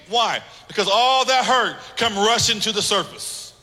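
Male pastor preaching with emphatic repetition, fairly high voice, big reverberant hall. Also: moderate pace, few pauses, sharp tone. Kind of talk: sermon.

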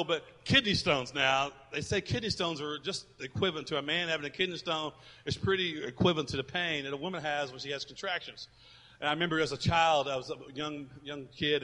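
A man preaching a sermon as a pastor, emphatic and swinging between loud and hushed, in an echoey hall. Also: on the high side.

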